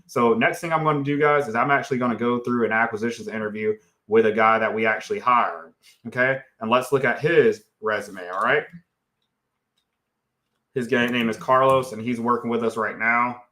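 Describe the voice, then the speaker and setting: A man's voice: mid-range voice, moderate pace, sharp tone. A man hosting a live stream on real estate, talking bluntly and casually while clicking through his screens, often tagging on "okay" and "guys". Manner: blunt and unfiltered, talks while clicking around; often tags lines with okay, guys, right.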